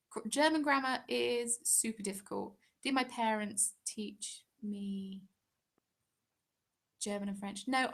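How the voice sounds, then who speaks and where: A woman's voice: a little high, a bit bright. A young woman hosting a craft channel, chatting casually on a live stream and answering viewer questions with lots of ums and trailing asides.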